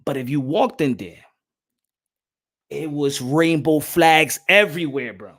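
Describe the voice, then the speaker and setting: A man hosting a podcast, animated and slangy, laughing often. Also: fairly high pitch, normal speed. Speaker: podcast host. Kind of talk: casual chat.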